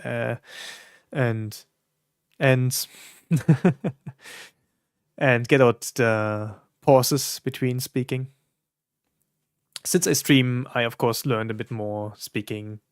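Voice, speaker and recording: Gravelly man musing on his stream. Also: medium pitch, no room sound, studio quality. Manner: hesitant, many fillers and restarts, reflective. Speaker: streamer reacting to songs. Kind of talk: casual live-stream commentary.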